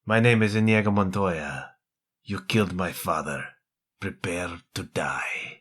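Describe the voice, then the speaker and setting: A man doing a low, quiet impression of a male swordsman vowing revenge for his father. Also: slow, breathy edge, exaggerated voice. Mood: grim vow.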